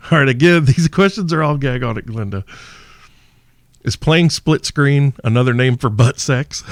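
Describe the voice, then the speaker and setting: A man's voice: mid-range voice, animated, unhurried, pauses often, no room sound. A man hosting a podcast, answering listener questions in a crude, brash, joking monologue. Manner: profane, brash, mock-seductive. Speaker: podcast host.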